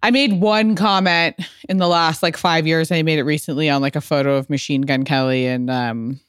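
A woman hosting a casual interview, chatty and quick to laugh. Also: sits low, fairly even intonation, smooth, no echo. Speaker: podcast host. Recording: dry close mic.

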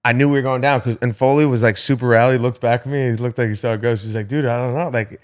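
Young man, casual storytelling, lots of swearing, mid-pitched voice. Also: fast. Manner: animated, swearing, heavy filler words. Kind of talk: casual storytelling among friends.

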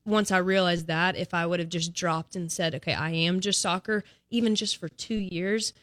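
A woman's voice: fairly low pitch, steady tone, moderate pace, a bit bright, no room sound, studio quality. A young woman, a soccer analyst telling stories on a radio talk show, with many "like" fillers. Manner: chatty storyteller, frequent "like" fillers. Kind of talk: casual radio chat.

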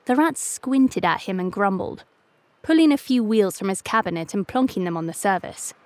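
Female storyteller, playful and expressive, dry close sound. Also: medium pitch, normal speed, no room sound. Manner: lively, playful reading. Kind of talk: children's story narration.

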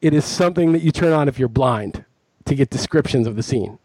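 A man's voice: mid-range voice, expressive, brisk, darkish tone, breathy edge, no room sound. A man co-hosting a podcast in casual chat, telling long, rambling, self-mocking stories. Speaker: podcast co-host.

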